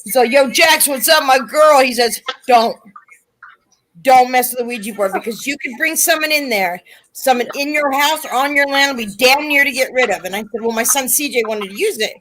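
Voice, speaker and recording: A woman's voice: high voice, brisk, a bit bright. A middle-aged woman chatting casually on a panel, telling stories and acting out the voices of the people she quotes. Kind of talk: casual chat.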